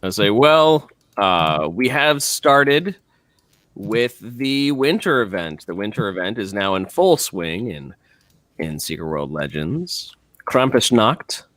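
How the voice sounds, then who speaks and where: A man hosting a casual podcast, animated and quick to laugh. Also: lowish voice, dry recording, studio quality. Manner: animated, giggly. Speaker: podcast host. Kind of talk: casual chat.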